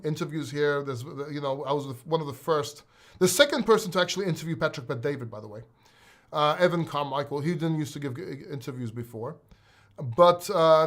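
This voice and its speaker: A man hosting a crypto live stream, talking straight to his chat viewers in a casual, emotional way and swearing freely. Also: a little high.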